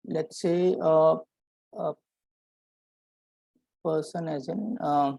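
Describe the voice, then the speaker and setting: A man teaching a programming lesson, explaining step by step and often checking in with a quick "right?". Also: fairly high pitch, gravelly, dark tone, dry recording, low-quality recording. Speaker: programming instructor. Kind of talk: live coding lesson.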